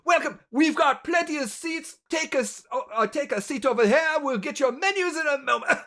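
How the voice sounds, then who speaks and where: A game master voicing a jovial older male innkeeper, who shouts greetings with loud, energetic joy. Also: very high voice, brisk, voice pushed up, heavily acted. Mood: overjoyed.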